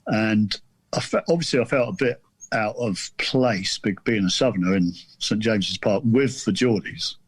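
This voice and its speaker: Husky man, rambling. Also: on the low side, moderate pace, no room sound. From southern England. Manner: rambling, self-deprecating, frequent restarts. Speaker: podcast guest, author. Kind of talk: casual storytelling.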